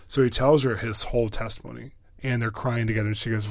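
A pastor being interviewed, telling stories in an excitable way with many fillers and quick bursts. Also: male voice, mid-range voice, creaky, no room sound. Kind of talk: animated storytelling.

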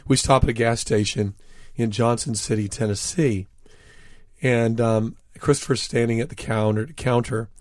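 A man's voice: medium pitch, steady tone, moderate pace, a little mellow, no room sound, studio quality. A man, an author and interview guest, telling anecdotes in an earnest, reflective way. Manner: reflective, earnest, recounts dialogue.

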